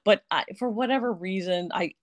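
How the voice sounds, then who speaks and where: A woman's voice: medium pitch, normal speed, dry recording. A woman in her fifties, a podcast guest, chatting casually with restarts and easy laughter. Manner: rambling, self-correcting, laughs easily. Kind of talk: casual interview chat.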